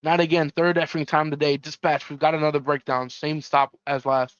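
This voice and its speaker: A man's voice: on the high side, level tone, fairly quick, clean tone, no room sound, dull audio, close to an everyday voice. A man voicing an impatient bus driver, blunt and brusque. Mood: irritated.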